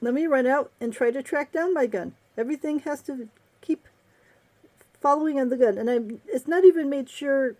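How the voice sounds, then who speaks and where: A woman's voice: medium pitch, warm tone. A woman and romance novelist giving a casual, sarcastic book review, laughing often.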